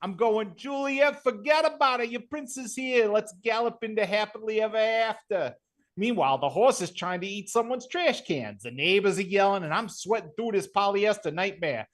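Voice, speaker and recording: A woman's voice: mid-range voice, normal speed, lightly acted. A performer voicing a brash, boastful male bachelor with a thick Brooklyn accent in a comedy livestream sketch. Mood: storytelling. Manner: boastful, brash, swears freely.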